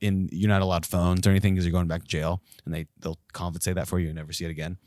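A low-pitched man tells stories in loose, casual podcast chat. He swears freely and gets animated as he talks. The sound is dry and close, with no room around it. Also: rapid-fire, dry recording. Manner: profane, animated storytelling.

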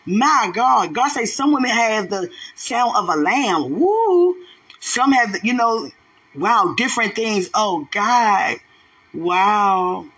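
Fervent woman with a bright, husky voice. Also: expressive, slow pace. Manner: fervent, exclamatory, repeating praise to God; swings between loud outbursts and low murmurs. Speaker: ministry leader. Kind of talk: spontaneous prayer and spiritual talk.

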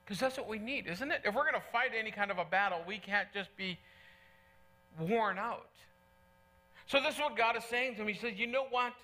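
A man's voice: high voice, normal speed, pushed and bright. A middle-aged male pastor preaching a sermon in church, earnest and conversational, repeating key phrases for emphasis.

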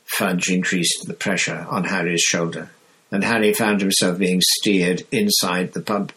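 Low-voiced man reading a story. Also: rough recording. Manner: steady, measured storytelling. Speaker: audiobook reader. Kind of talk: scripted narration.

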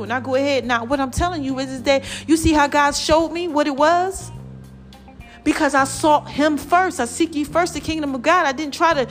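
Lively, preachy woman vlogger, higher voice. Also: normal speed, soft background music. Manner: lively and preachy, calls viewers "child" and "y'all". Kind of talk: casual motivational talk to viewers.

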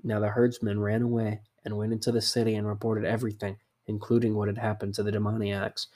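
Male scripture reader: low voice, measured and steady, flat intonation. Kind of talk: steady scripted Bible reading.

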